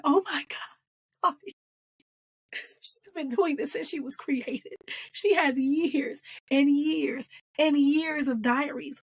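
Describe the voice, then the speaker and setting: A woman giving a casual, animated reaction review of a TV episode, playful and full of slang. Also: sits high, slightly rough, no echo.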